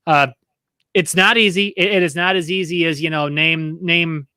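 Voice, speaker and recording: Man, high bright voice, dry close sound, chatty trivia host. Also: fairly even intonation, clean tone, no echo. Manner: chatty, laughing, reading questions slowly. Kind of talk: casual podcast chat.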